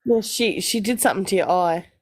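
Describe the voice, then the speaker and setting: A woman's voice: medium pitch, a little fast. A woman co-hosting a casual live stream, teasing and laughing often.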